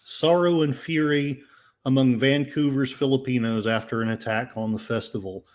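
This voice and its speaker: A man's voice: medium pitch, fairly even intonation, moderate pace, a little mellow. Sarcastic older man rambling over headlines. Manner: sarcastic, rambling, with frequent fillers. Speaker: podcast host. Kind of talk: casual commentary reading headlines.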